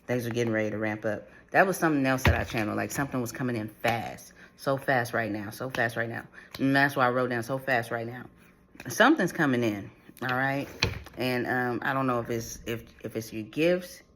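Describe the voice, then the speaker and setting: This spiritual reader speaks at a moderate pace in a mid-range, slightly bright voice with fairly even intonation, over a little hiss or hum. Channeling a reading for viewers, he meanders, repeats himself, and restarts often with fillers.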